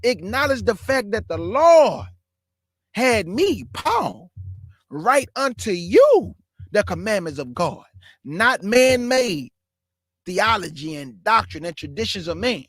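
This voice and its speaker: A man preaching Bible commentary, emphatic and firing rhetorical questions, reading scripture aloud slowly and deliberately. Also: high-pitched, sing-song, a bit bright, no room sound, studio quality. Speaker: online Bible teacher.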